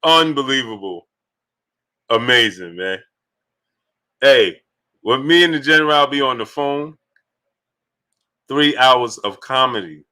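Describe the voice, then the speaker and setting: Guy hosting a boxing stream, real bright sharp voice, chatty, shouting out viewers. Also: mid-range voice, lively intonation, slow, pauses often. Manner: greets chat viewers by name, loose and talkative. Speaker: boxing livestream host. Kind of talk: casual livestream chat with viewers.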